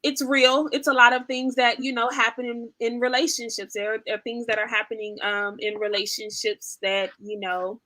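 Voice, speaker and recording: An eager woman author talks about her books in an interview. Her voice sits very high and rings with a sharp, bright edge. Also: little pitch movement, moderate pace, hardly any pauses, no echo. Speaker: guest author. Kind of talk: interview chat.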